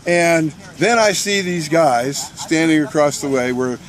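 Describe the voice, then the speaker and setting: A man recounting a protest in animated first-person storytelling, restarting and repeating words and laughing as he goes. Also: on the high side, measured pace. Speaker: militia member recounting a protest.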